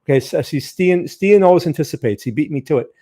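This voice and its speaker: A man's voice: fairly high pitch, lively intonation, quick pace, warm tone. A man hosting a live trading stream, chatting casually, greeting viewers by name, with frequent fillers and restarts.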